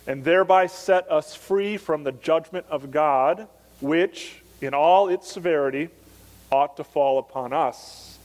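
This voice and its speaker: A male pastor preaching a Sunday morning sermon, earnest and emphatic, slowing down to stress key phrases. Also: fairly high pitch. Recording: long church reverb.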